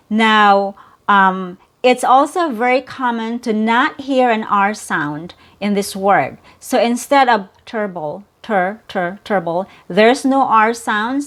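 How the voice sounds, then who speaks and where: Slow, careful woman teaching pronunciation. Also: medium pitch. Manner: slow, careful, repeats words for drilling. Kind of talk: pronunciation lesson.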